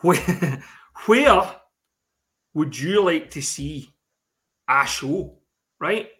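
A man's voice: fairly high pitch, lively intonation, very slow, fairly bright tone. A man co-hosting a podcast, talking in sweary, rambling banter. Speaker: podcast co-host. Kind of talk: casual chat.

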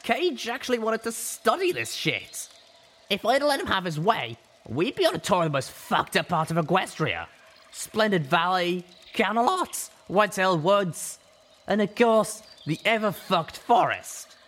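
A man's voice: high-pitched, big pitch swings, unhurried, a bit bright, voice pushed up, full character voice. A man voicing a brash, foul-mouthed teenage female griffin, talking bluntly and crudely in a storybook reading.

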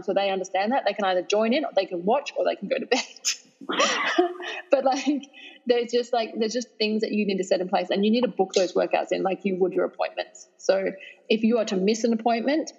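A woman's voice: mid-range voice, husky, big-room sound, lo-fi sound. Upbeat Australian woman fitness trainer. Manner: energetic, emphatic, laughs easily. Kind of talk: podcast interview.

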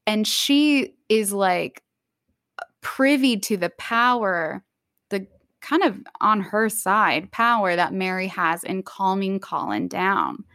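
Woman, podcast co-host, mid pitch, enthusiastic, dry close sound. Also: a bit bright, dry recording. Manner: enthusiastic, acts out quoted lines. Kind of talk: casual book discussion.

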